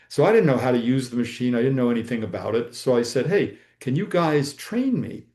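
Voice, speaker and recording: Older man telling stories, dark roomy sound. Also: mid-range voice. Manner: rambling anecdotal with many ums. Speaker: guest physician. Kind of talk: storytelling interview answer.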